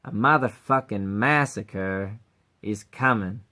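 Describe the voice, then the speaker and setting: Lazy, dragging drawl from a contemptuous, foul-mouthed male scientist, a man putting on the voice, pitched a touch low. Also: slow pace, pushed and bright. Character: arrogant, vulgar male scientist, a backstabbing jerk. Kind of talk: amateur voice acting audition.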